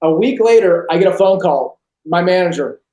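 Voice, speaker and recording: A man, a podcast guest on a video call, telling a personal story in an animated way and acting out the voices of others. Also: high voice, normal speed. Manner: animated, acts out quoted voices. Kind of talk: storytelling testimony. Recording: roomy echo on a video call.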